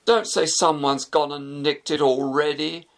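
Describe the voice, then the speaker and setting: A man voicing an anxious young man whose car has been stolen, raising his voice high. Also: fairly even intonation, measured pace. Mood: distraught.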